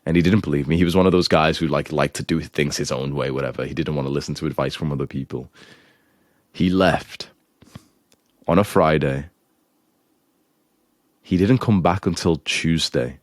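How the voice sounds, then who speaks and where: A man's voice: a bass voice, normal speed, long pauses, dry recording, clean studio sound. A young man giving blunt, crude, scolding relationship advice as a show host. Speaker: self-improvement advice host.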